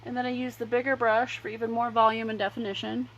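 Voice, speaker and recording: Woman doing mascara on a live stream, kinda high voice, rambly sales chatter, little bit of background noise. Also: flat delivery, fast, fairly bright tone, dull audio. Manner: chatty and rambling, drifting between demo and sales talk. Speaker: makeup livestream host selling products. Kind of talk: casual makeup tutorial chat.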